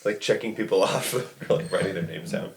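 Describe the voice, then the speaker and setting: A man's voice: low voice, a little fast, vocal fry, echoey room, background noise. A man in casual podcast chat, joking around, laughing often and mimicking voices. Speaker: podcast guest.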